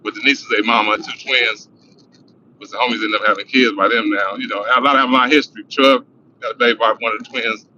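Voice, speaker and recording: A man's voice: on the low side, fairly even intonation, quick pace, pushed and bright. A middle-aged man from Los Angeles telling a profane, rambling street story on a livestream. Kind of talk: casual storytelling. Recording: dull lo-fi sound with faint noise.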